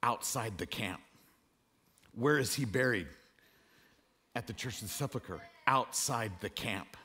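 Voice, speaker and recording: A man preaching a sermon to a room, dropping to a hush and then rising loud and high. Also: measured pace, breathy edge. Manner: dramatic swings between hushed and loud, preaching to a room. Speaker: pastor.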